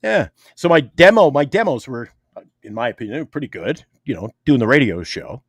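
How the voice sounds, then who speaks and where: A man's voice: medium pitch, big pitch swings, a little fast, breathy edge, no echo. A middle-aged man co-hosting a sports talk show, chatting casually and laughing easily. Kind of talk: casual banter.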